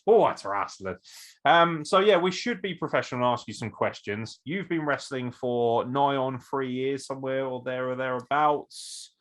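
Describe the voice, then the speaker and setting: A man's voice: mid-range voice, moderate pace, few pauses, fairly bright tone. A man hosting a wrestling podcast, using joking, theatrical, mock-formal banter. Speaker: podcast host and interviewer. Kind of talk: casual comedic podcast chat.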